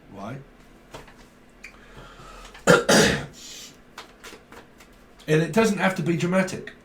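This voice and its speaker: A man giving a casual tarot reading on video, emphatic and dramatic, often checking in with a quick question tag. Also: a little high. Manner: emphatic, dramatic, keeps asking "right?". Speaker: tarot reader. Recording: echoey room.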